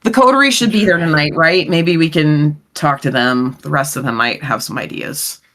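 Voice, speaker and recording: A woman's voice: low voice, normal speed, fairly bright tone. Casual, blunt woman player. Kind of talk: in-character tabletop play.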